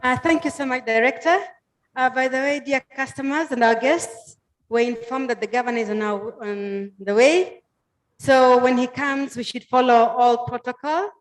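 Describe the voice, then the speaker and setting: A woman's voice: high-pitched, normal speed. A Kenyan woman emceeing a public meeting, making friendly, coaxing announcements to the audience. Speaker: master of ceremonies. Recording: echoey hall with faint music.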